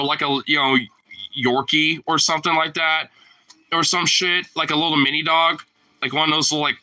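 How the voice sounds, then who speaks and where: In a low-quality recording, a man rambles casually in slangy, profane speech packed with fillers. He swings between loud outbursts and quiet mutters.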